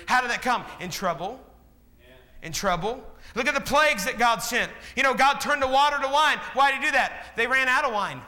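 A man's voice: very high-pitched, lively intonation, normal speed, sharp tone. A man preaching a sermon, asking the congregation questions and acting out the people in his stories. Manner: preaching with call-and-response questions; acts out quoted voices. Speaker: pastor. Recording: long hall reverb.

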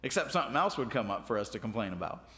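A man's voice: medium pitch, big pitch swings, rapid-fire, a bit bright, big-room sound. A man preaching a sermon in a folksy, self-deprecating way, often restarting his words. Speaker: pastor.

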